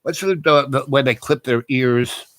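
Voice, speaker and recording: A man's voice: medium pitch, unhurried, fairly bright tone. A man telling a casual personal story in a rambling, digressive way, full of fillers and restarts.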